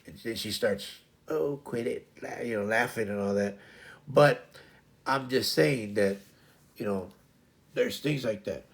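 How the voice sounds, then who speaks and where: Gravelly middle-aged man chatting casually. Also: medium pitch. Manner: rambling, stumbling over repeated words. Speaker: livestream host. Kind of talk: casual livestream chat.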